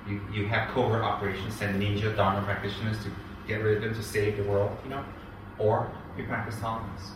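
Man teaching in an echoey hall. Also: fairly low pitch. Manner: animated, mimics people, rises into loud indignation. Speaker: Buddhist teacher. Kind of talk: dharma talk to an audience. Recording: echoey hall, picked up from a distance, with background noise.

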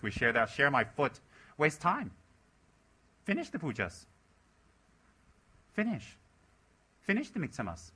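Bright forceful guy, buddhist teacher scolding his center members, mocks their excuses. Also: mid-range voice. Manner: scolding, exhorting, mocking voices of others. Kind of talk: dharma talk to center members.

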